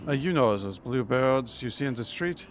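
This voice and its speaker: Mock-French accent, fussy big-brother bird, soft effeminate delivery, mid-range, a man putting it on. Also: medium pitch, expressive, normal speed, slight background noise, close to an everyday voice.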